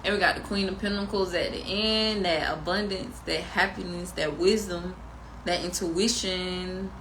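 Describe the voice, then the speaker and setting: A woman talks through a tarot spread like a spiritual pep talk. Her voice is bright and cutting, and her delivery is emphatic and preachy, mixed with slangy asides. Faint noise sits behind her. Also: lowish voice, steady tone, unhurried, rough recording. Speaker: tarot reader and spiritual guide.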